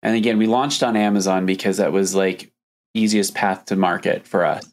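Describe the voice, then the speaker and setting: A man, a business co-founder, telling stories in a relaxed way on a podcast. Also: deep voice, moderate pace. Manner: storytelling, relaxed, fond of "like". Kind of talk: casual podcast chat.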